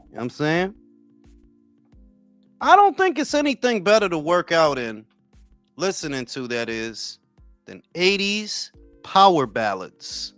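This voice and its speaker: A man's voice: on the high side, sing-song, takes it slowly, long pauses, fairly bright tone, no room sound, faint music behind. A man in his forties hosting a boxing talk livestream, chatting casually with viewers in loose, profane, joking banter. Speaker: boxing talk show host.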